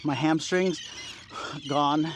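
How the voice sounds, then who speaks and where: A man's voice: on the high side, steady tone, very slow, a little hiss or hum, low-quality recording. A man in his forties, out of breath, talking to the camera during a workout at the beach, poking fun at himself and cheering himself on between sighs and laughs. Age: 40s. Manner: self-deprecating, encouraging himself, sighs and laughs between sets. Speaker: vlogger. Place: outdoors at a beach.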